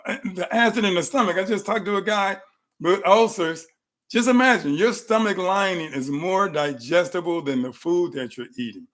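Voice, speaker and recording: A middle-aged man hosts a live health talk from his clinic room, his voice sitting a little high for a man. He tells animated stories and repeats phrases to drive his points home.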